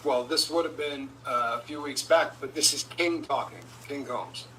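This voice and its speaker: A man's voice: on the high side, normal speed, sharp tone, a little hiss or hum, low-quality recording. A man in a played clip giving casual commentary with wry, dismissive remarks.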